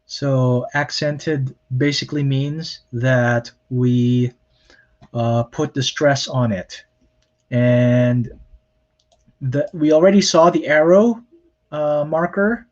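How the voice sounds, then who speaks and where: A man lectures on grammar at a slow, unhurried pace. He explains plainly and corrects himself often, with frequent ums. The recording sounds dull and lo-fi. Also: medium pitch, fairly even intonation. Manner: plain explanatory, many fillers and self-corrections. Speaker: Hebrew lecturer.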